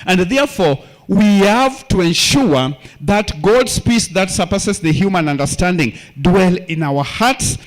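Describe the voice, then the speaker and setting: High-voiced man preaching. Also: expressive, measured pace, few pauses. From Kenya. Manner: call-and-response questions, repeats key phrases. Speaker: church elder preaching. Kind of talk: sermon.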